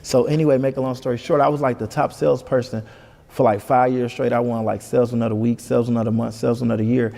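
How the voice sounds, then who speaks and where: A man from Detroit tells his story at a quick clip, in a dark, gravelly voice. He is a lively guest who acts out each person's lines. His voice trails off into a long, ringing reverb. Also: mid-range voice. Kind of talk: casual storytelling.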